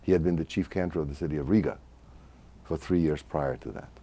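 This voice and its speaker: Deep older man remembering calmly. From Hungary. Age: 80s. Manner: measured, reflective, restarts mid-phrase. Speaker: interviewee. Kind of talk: oral history interview.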